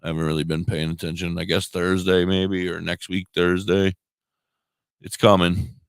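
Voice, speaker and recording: Man, very low voice, laid-back co-host, casual swearing, dry close sound. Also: flat delivery, moderate pace, creaky, smooth, no echo. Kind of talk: casual chat.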